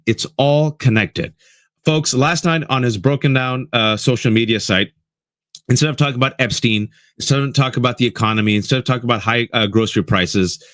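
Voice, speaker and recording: A man's voice: mid-range voice, no room sound, studio quality. Impassioned male political talk host. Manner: impassioned, addresses listeners as folks. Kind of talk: political commentary show.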